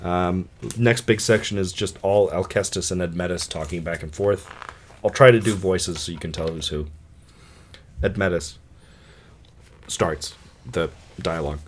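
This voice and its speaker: A man reading an audiobook who breaks off for casual, offhand asides in a quiet voice. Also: sits low, a little slow, long pauses, slight background noise. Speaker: audiobook reader.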